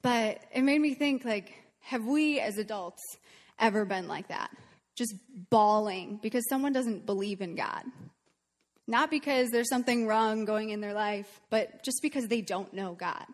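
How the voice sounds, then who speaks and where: Speaking at a measured pace in a slightly high voice, a woman leading worship shares a story with her congregation. Her casual talk is earnest and chatty, dotted with frequent "um"s, and a long reverb tail follows her words.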